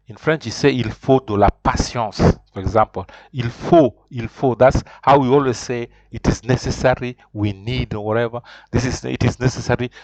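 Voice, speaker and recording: A man teaching a beginners' language lesson, emphatic and repetitive, leading drills and checking in with quick "huh?" tags. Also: medium pitch, no room sound. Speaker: French teacher.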